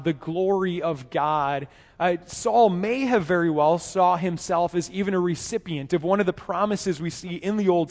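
A man preaches a sermon in a high voice, talking to his listeners in a conversational way. He often restarts his phrases and keeps asking them rhetorical questions. His voice carries a long reverb, as in a large hall. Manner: conversational, repeats words and asks rhetorical questions.

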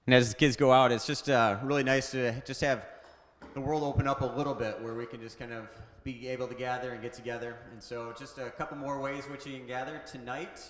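A male pastor giving relaxed church announcements, with plenty of hesitant fillers. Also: mid-range voice, a little fast, slight background noise. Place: church sanctuary. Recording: echoey church hall.

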